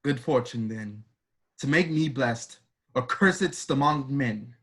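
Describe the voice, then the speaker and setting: A man reading the part of a proud, boastful prince in an amateur play reading, declaiming verse in a measured way. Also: medium pitch, fairly bright tone, slightly rough. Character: proud boastful foreign prince, male adult.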